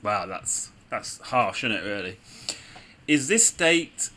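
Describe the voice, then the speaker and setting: A man's voice: on the low side, big pitch swings, slow pace, sharp tone, slight background noise. A man giving casual, chatty commentary on a game with sarcastic asides. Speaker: gaming video host.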